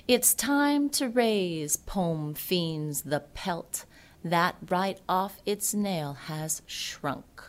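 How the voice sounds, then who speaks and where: A woman gives a poetry reading, her voice sitting a little low. She takes the lines very slowly and often lets them sink into a soft whisper. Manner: slow, hushed delivery dropping into whispers. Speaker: poet.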